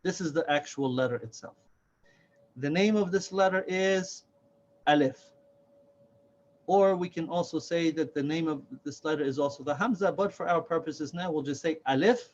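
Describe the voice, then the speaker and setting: A man teaching a slow, careful alphabet lesson, patiently repeating each letter's name and sound. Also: fairly high pitch, darkish tone. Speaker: Quran reading teacher. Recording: dull, lo-fi sound.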